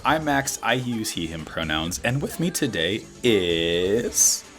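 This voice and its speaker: Hoarse guy hosting a podcast, kinda croaky but hyped, talks animated and excited. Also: fairly low pitch, takes it slowly, faint music behind. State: hoarse, recovering from illness. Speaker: podcast host. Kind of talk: casual podcast chat.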